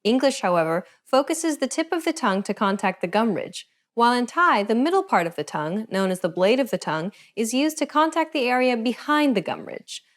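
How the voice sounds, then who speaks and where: A woman narrating a scripted pronunciation lesson with clear, measured explanations. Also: fairly high pitch, very animated. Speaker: pronunciation teacher.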